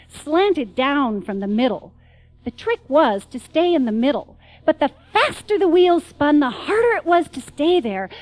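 A woman's voice: sits high, darkish tone, no echo, low-quality recording. A middle-aged woman giving a wry, dramatic spoken-word storytelling performance.

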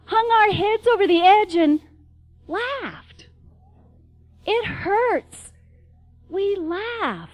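A woman's voice: very high-pitched, big pitch swings, drawn-out words, pauses often, no echo, dull audio. A middle-aged woman giving a wry, dramatic spoken-word storytelling performance.

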